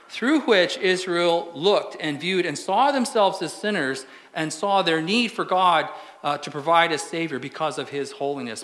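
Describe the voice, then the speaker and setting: In a church sanctuary, a male pastor with a high-pitched, slightly bright voice preaches a conversational sermon, posing rhetorical questions to the congregation.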